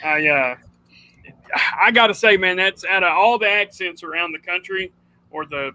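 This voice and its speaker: Bright, high-voiced chatty man host. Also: normal speed, rough recording. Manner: rambling, chatty, says dude a lot. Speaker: livestream host. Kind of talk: casual livestream chat.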